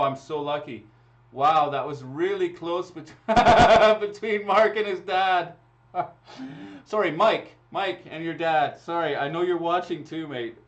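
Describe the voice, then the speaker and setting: A man hosting a live raffle draw, chatting casually and laughing as he runs the draws into a computer mic. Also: a little high. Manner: chatty and laughing, talking through each draw. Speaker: raffle host. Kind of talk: casual livestream chat. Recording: dull lo-fi stream audio.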